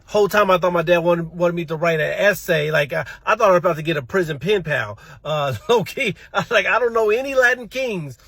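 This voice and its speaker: A man's voice: on the high side, brisk, few pauses, a bit bright, breathy edge, dry recording. A man doing stand-up comedy, telling a story from his childhood, stammering and repeating words and laughing at his own tale.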